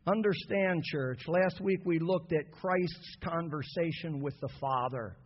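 A man preaching an impassioned sermon to his church, building from soft passages to shouted peaks. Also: a little high, measured pace, husky. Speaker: pastor. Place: church sanctuary. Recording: dull lo-fi sound with long hall reverb.

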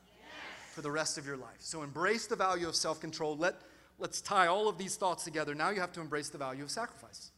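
High-voiced, bright preacher in a reverberant hall. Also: male voice, a little fast. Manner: lively storytelling, acts out quotes with big swings in loudness. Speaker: pastor. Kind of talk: sermon.

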